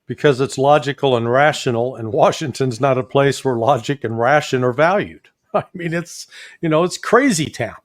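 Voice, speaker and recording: A man with a Midwestern accent, a guest commentator talking politics in a folksy, animated way with joking asides. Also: medium pitch, moderate pace, no room sound, studio quality. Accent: Midwestern American.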